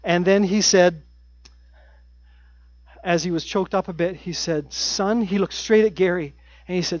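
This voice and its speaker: A middle-aged man preaching a sermon in an earnest way, repeating his key phrases and dropping his voice to a hush at times. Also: high voice, fairly even intonation, a little slow, pauses often, no echo, muffled recording. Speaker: pastor.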